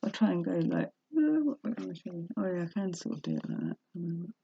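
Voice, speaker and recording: A woman's voice: on the low side, animated, quick pace, gravelly, breathy edge, highs cut off. A woman vlogging from home, reading a self-help book aloud and then rambling emotionally about her life. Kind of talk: casual personal vlog with book reading. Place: indoors at home. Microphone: laptop webcam.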